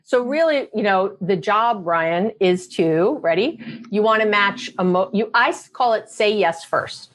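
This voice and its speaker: A woman psychologist giving direct relationship advice on a podcast, animated, often acting out quoted voices. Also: mid-range voice, unhurried. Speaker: psychologist guest.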